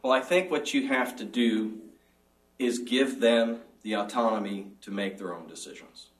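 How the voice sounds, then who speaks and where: A man's voice: on the low side, moderate pace, far from the mic, rough recording. A middle-aged man answering as a job candidate in a formal interview, speaking earnestly and measuredly with small restarts.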